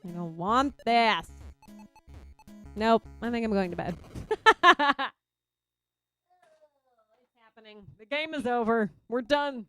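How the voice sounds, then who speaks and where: A young Texan woman streaming a game and chatting casually, reacting loudly to her viewers. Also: on the high side, lively intonation, slow, pauses often, faint music behind. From Texas. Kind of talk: casual chat while gaming.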